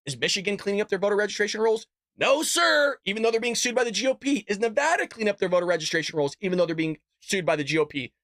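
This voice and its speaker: A man's voice: sits high, lively intonation, rapid-fire, few pauses, a bit bright, no echo, studio quality. A man hosting an unscripted political commentary livestream, talking in a fired-up, sarcastic rant. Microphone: desk microphone and camera.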